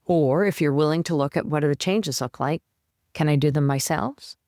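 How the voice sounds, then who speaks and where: A woman's voice: low voice, normal speed, darkish tone, dry recording, clean studio sound. A woman coach giving advice as a podcast guest, talking animatedly and acting out her own inner voice. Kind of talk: conversational advice.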